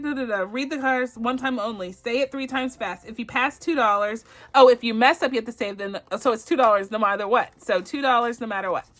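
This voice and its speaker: A woman's voice: fairly high pitch, a bit bright. A Bajan woman hosting a budgeting vlog, chatting casually and giggling as she plays a savings game. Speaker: budgeting channel host.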